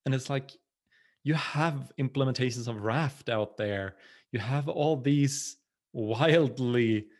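A man talking on a tech podcast with enthusiasm, often laughing and pausing with "uh" as he thinks. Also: mid-range voice, a little mellow. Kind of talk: casual podcast chat.

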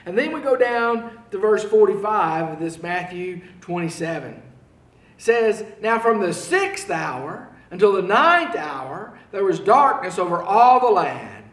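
A male preacher delivering a sermon, swinging between loud, emphatic proclaiming and hushed, pleading appeals. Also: high voice, sing-song, measured pace, echoey room, recorded from a distance.

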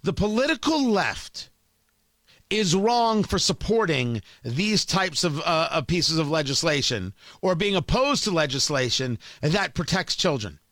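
A man's voice: a little high, big pitch swings, unhurried, a bit bright, no echo. A man hosting a political commentary show, delivering an emphatic, combative opinion monologue full of rhetorical questions.

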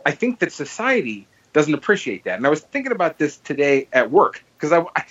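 A man's voice: fairly high pitch, big pitch swings, brisk, a bit bright, breathy edge, highs cut off. A man co-hosting a podcast, chatting casually and telling stories animatedly with frequent restarts. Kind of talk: casual chat.

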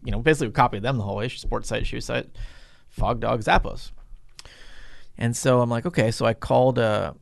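Middle-aged guy rambling through an old story, gravelly voice, swears a lot, does everyone's voices, dry close mic. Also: mid-range voice, no room sound. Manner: rambling, profane, acts out quoted people. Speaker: guest. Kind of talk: casual storytelling in an interview.

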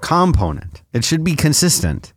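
A deadpan man in casual podcast banter, delivering mock-serious points while his pitch moves a lot. He is recorded close and dry. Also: brisk, dry recording. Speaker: podcast co-host.

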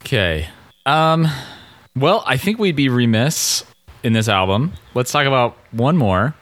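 A man's voice: mid-range voice, sing-song, measured pace, a bit bright. A man co-hosting a podcast in casual chat, joking and laughing easily as he reads listener reviews aloud. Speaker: podcast co-host.

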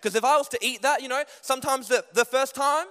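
A young man preaching a sermon in a church, telling stories in an animated way that climbs higher and louder as he gets going. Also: fast talker. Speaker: pastor. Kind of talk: sermon with personal storytelling. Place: church hall. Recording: long hall reverb.

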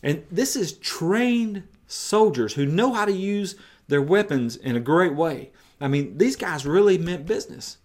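A man's voice: fairly high pitch, animated, a little slow. A man preaching a sermon, retelling a story emphatically and in vivid detail.

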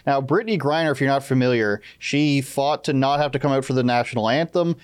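A man's voice: mid-range voice, fast talker, smooth. Male host of a casual chat show, playful and teasing. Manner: joking, teasing.

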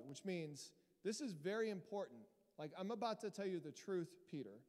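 High-voiced preaching man in a reverberant hall. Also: normal speed, hardly any pauses. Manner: lively preaching, rising to loud emphatic peaks. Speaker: pastor. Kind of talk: sermon. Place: church hall.

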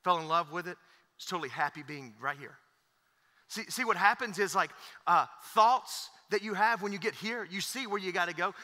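A pastor in his thirties, with a high, sharp-toned voice at a moderate pace, preaches a sermon in a church sanctuary. He is emphatic and repetitive, with many fillers, and the recording echoes like a church hall.

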